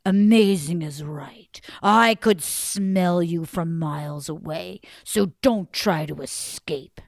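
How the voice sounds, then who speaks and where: Woman doing a booming gruff giant. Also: no echo, clean studio sound. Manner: booming slow chant with hissed whispery lines. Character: huge man-eating giant, gruff and suspicious.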